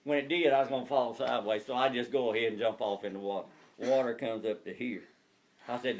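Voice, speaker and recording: A man's voice: medium pitch, fast talker, heavy background noise. A man telling a hunting story to family, laughing as he goes. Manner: laughing, animated, colloquial storytelling.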